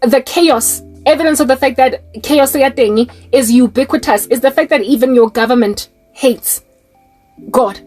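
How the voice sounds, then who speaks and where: A woman's voice: high-pitched, normal speed, a little mellow, soft background music. A young South African woman with a South African accent, preaching fervently in a personal monologue, firing rhetorical questions and mixing in local-language phrases. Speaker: Christian online preacher.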